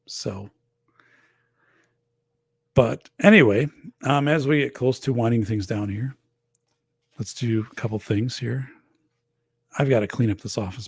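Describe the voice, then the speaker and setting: Middle-aged male host, dry close sound, gravelly tone, rambling casual chat, losing his voice. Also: medium pitch, dry recording. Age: 40s or older. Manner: rambling, loose, lots of fillers. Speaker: podcast host. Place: home office.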